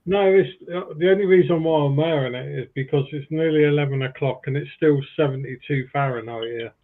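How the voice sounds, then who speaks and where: A man's voice: fairly high pitch, brisk. A man chatting casually on a live stream, easygoing and rambling. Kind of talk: casual chat. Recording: tinny phone line.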